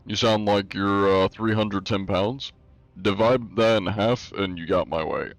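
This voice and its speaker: Laid-back low-voiced man streaming. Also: measured pace, no echo, soft background music. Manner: laid-back, reads chat aloud and answers it; frequent "uh" fillers. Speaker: game streamer. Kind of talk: casual live-stream chat.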